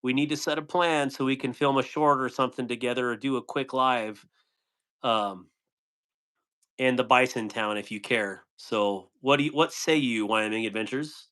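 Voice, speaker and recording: A man's voice: mid-range voice, fairly even intonation, normal speed, fairly bright tone. A man hosting a live stream, reading and answering chat comments in a playful way, laughing often and tripping over tongue twisters.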